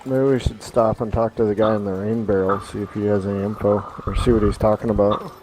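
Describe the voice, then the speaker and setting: A man's voice: fairly low pitch, little pitch movement, fast talker, darkish tone, slight background noise, rough recording. A man playing a tabletop game, chatting casually and a little hesitantly. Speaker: player.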